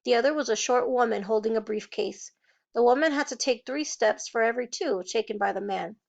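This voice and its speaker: A woman's voice: a little high, brisk, vocal fry, highs cut off. A woman reading a novel aloud, changing her voice to play each character. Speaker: reader.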